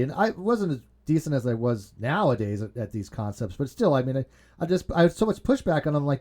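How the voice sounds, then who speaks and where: A man's voice: on the high side, fairly quick. A man hosting a casual group video call, rambling, swearing freely and telling stories with lots of restarts. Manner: rambling, profane, animated storyteller. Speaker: host.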